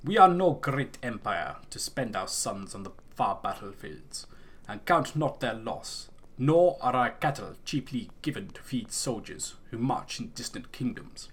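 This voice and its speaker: A man voicing a proud, wary tribal chieftain, reading game dialogue in a gruff, skeptical, weighty way. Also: mid-range voice, big pitch swings, unhurried.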